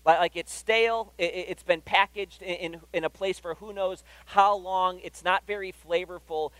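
A male pastor preaching in an easy, conversational way, often tossing "right?" to the room. His voice sits a little high for a man. The sound is close and dry. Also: steady tone, moderate pace, a bit bright, no room sound, rough recording. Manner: conversational, keeps checking in with "right?". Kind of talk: sermon. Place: church hall.

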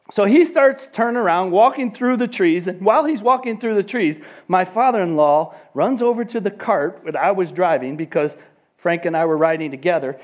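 A man in his fifties with a fairly high voice tells a story in a sermon, acting out each person in it. The recording is dull and lo-fi. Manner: animated storyteller who acts out the people in his story.

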